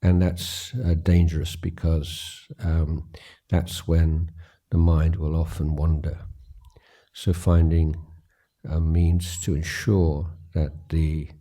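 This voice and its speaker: A man in his later years leading a guided meditation, speaking slowly and haltingly with pauses and fillers. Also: rumbling low, flat delivery, mellow. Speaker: meditation teacher. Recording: recorded at a retreat.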